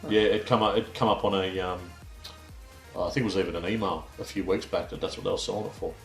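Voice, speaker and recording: A man hosting a casual podcast, relaxed and rambling with plenty of "you know". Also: low-pitched, fast, gravelly, echoey room, faint music behind. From Australia. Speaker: podcast host. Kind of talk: casual chat.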